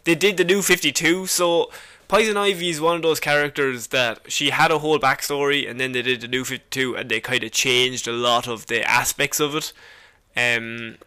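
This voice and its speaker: A man's voice: mid-range voice, fairly even intonation, moderate pace, bright, forceful tone, smooth. A man co-hosting a podcast, explaining a comic villain's history in a casual, jokey way and laughing often. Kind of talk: casual chat.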